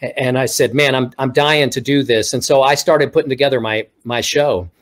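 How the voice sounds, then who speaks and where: Animated middle-aged man telling stories. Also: mid-range voice, moderate pace. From Texas. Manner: animated, acts out quoted speech. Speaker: guest ventriloquist. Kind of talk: casual interview storytelling.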